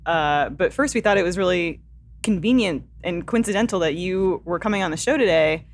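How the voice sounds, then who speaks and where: A woman's voice: fairly low pitch, moderate pace, slight background noise. A woman co-hosting a casual podcast, eager and laughing often as she talks to her guest. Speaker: podcast co-host.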